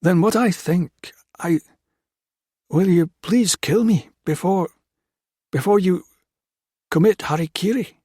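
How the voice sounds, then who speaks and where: Brief: male narrator doing a distraught wife, pleading and desperate, raised high and husky, audiobook. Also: slow, long pauses, dark tone, dry recording, clean studio sound, heavily acted. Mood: desperate, tearful. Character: distraught British woman, wife of a Japanese colonel. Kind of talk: audiobook character voice.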